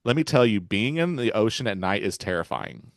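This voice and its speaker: A man's voice: lowish voice, animated, brisk, no room sound, clean studio sound. A man hosting a podcast, retelling film scenes in a rambling, casual way with chuckles. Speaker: podcast host.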